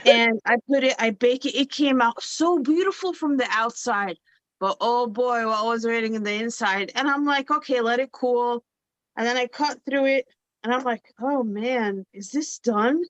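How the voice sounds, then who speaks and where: Animated high-voiced woman telling a story. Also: normal speed, no room sound, dull audio. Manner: animated, laughing, acts out quotes. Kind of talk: casual storytelling chat.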